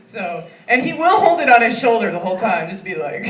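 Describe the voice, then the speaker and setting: Woman comic, thirties, chatty and self-mocking, animated delivery, echoey club heard from afar. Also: on the high side, a little fast, crowd noise. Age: 30s. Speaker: stand-up comic. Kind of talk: stand-up comedy. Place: comedy club stage. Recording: echoey room, mic at a distance.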